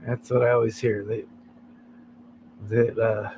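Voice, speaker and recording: A man's voice: fairly low pitch, flat delivery, unhurried, darkish tone, a little hiss or hum, poor audio. An American man hosting a late-night livestream, chatting in a rambling way and chuckling often between thoughts. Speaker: livestream host. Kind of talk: casual chat.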